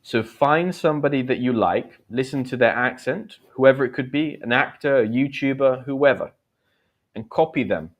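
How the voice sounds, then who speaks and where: A man's voice: medium pitch, normal speed, dull audio. A man, teaching and chatting on a livestream in a chatty, encouraging way. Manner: chatty, encouraging, reads out comments. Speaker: English teacher hosting a livestream. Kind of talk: live-stream chat and teaching.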